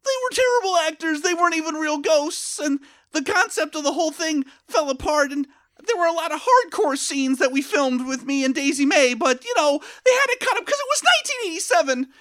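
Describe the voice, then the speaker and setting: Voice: high-pitched, animated, a little fast, fairly bright tone, voice pushed up. A podcast host putting on a raised, stretched-out voice for a rambling cartoon slacker in a comedy bit. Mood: rambling complaint. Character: laid-back cartoon slacker guy, rambling.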